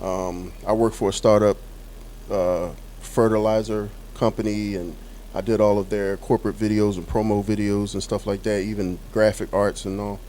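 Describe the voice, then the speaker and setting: A man being interviewed about getting into filmmaking, speaking in a relaxed, rambling way with fillers. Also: lowish voice, moderate pace, slight background noise. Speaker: filmmaker guest. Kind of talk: casual interview.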